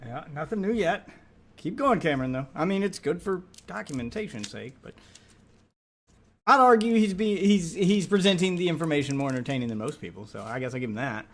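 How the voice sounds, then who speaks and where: A man's voice: a little high, expressive, brisk, a bit bright. A man hosting a livestream, reacting to a video with wry, joking asides. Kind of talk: casual reaction chat.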